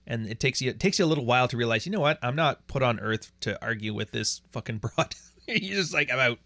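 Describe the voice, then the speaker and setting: A livestream host with a medium-pitched, fairly bright voice talks quickly on a recording with no echo. He rants bluntly and crudely, swearing as he reads out chat messages from viewers.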